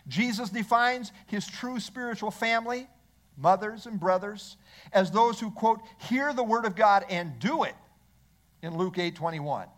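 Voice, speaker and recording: A man's voice: sits high, unhurried, fairly bright tone. A male pastor preaching a sermon in church, asking the congregation rhetorical questions.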